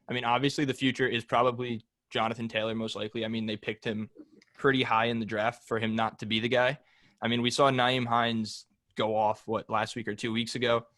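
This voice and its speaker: A man's voice: medium pitch, flat delivery, brisk, fairly bright tone, no room sound. A man co-hosting a casual sports betting podcast. He teases the others and fills his sentences with "I mean.". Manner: teasing, with filler "I mean". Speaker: podcast co-host.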